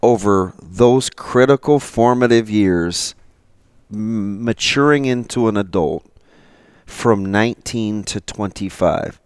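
A man's voice: on the low side, slow, clear, resonant tone, no room sound, studio quality. A man co-hosting a live sports radio show, talking animatedly, reading quotes aloud and stumbling over words. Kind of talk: casual sports talk.

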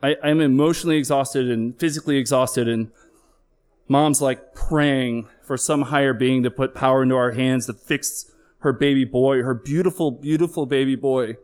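A middle-aged flight paramedic stands on stage telling a true story from his own life, candid and emotional, occasionally swearing and slowing down to emphasize points. His voice is medium-pitched, smooth, and fairly even in intonation.

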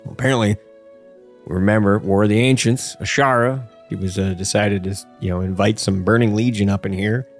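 A man's voice: fairly low pitch, steady tone, moderate pace, soft background music. A man hosting a podcast, telling game lore in a goofy, rambling, laughing way. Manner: goofy, rambling storyteller who laughs often. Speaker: podcast host. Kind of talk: casual lore chat.

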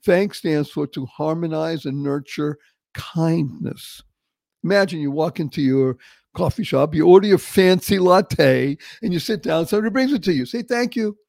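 Boston-accented male host, theatrical and emphatic, fairly high-pitched, dry booth. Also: moderate pace, creaky, a little mellow, dry recording. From Boston, Massachusetts. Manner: emphatic, theatrical, acts out little scenes. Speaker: podcast host. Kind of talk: enthusiastic interview introduction.

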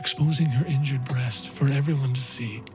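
A man's voice: medium pitch, a little fast, dark tone, faint music behind, lightly acted. An actor playing a haunted male rescue volunteer, telling his story in an intense, emotionally raw first-person monologue. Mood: shaken. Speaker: narrator.

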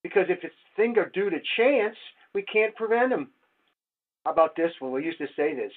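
A man's voice: a little high, normal speed. Older man lecturing over a tinny line. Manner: wry, lecturing, rhetorical questions. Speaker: safety researcher presenting. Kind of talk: webinar slide presentation. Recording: tinny phone-like audio.

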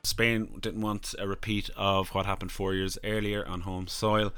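Male co-host, very low voice, bright and smooth, casual recaps. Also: level tone, measured pace, dry recording, faint music behind. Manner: informal, recapping with fillers. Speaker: podcast co-host. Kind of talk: casual chat.

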